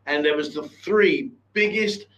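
A man hosts a loose, casual chat show. He tells stories with a grin in his voice and trades cheeky banter. His voice sits a touch higher than most men's. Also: unhurried, fairly bright tone, low-quality recording. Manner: chatty, laughing storyteller with cheeky banter. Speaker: host.

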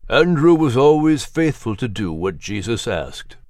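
Man doing a reflective guide, storyteller, dry close sound, lively pitch. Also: measured pace, no room sound. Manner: warm, reflective. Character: wise male guide recounting old stories. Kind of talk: storybook narration.

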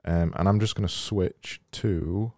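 Host, male, very low and mellow voice, dry close-mic sound, casual and enthusiastic with frequent restarts. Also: fairly even intonation, a little slow, no echo. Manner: enthusiastic, restarts phrases while thinking. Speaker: podcast host and designer. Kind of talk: casual conversational interview.

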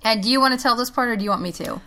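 Bright-voiced woman podcast co-host. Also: fairly high pitch, racing, rough recording. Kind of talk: casual chat reviewing a TV series.

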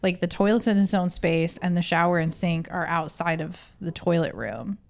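A woman's voice: on the low side, normal speed, gravelly. A woman co-hosting a podcast, chatting and explaining things in a casual way. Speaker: podcast co-host. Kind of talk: casual chat.

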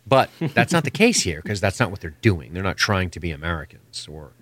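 Low-voiced man ranting casually. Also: sing-song, fairly quick, a bit bright, no echo. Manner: opinionated, rambling, swears freely. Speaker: podcast co-host. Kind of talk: casual chat.

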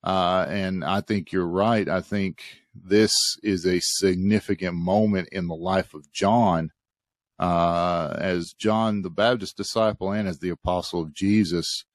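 A man hosting a Bible study podcast, talking thoughtfully with frequent pauses and fillers. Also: deep voice, steady tone, dry recording, studio quality. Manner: thoughtful, hesitant, many fillers. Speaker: podcast host.

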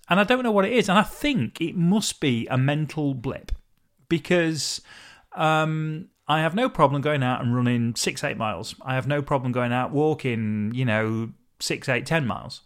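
A man's voice: mid-range voice, fairly bright tone. A man hosting a casual solo podcast, talking in a rambling, chatty way and often correcting himself mid-sentence. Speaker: podcast host.

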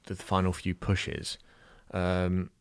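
A young Irish man with a low, deep voice recounts a personal story, halting and emotional, often restarting his sentences. The recording is close and dry, with no room sound. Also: completely flat delivery, clear, resonant tone, no room sound. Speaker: new father telling a birth story.

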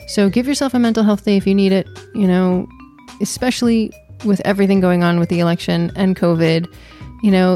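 A woman's voice: medium pitch, warm tone. A woman co-hosting a podcast in casual, playful chat with her wife. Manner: playful, teasing, chatty. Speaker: podcast co-host.

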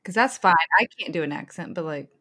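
A woman co-hosting a casual movie podcast, teasing and animated. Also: on the low side, fast, breathy edge. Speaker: podcast co-host. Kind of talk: casual chat.

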